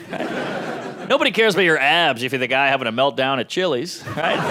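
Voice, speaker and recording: A man in his thirties performing a stand-up comedy set on a club stage, with a punchy delivery and quick switches into quoted voices. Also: on the high side. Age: 30s.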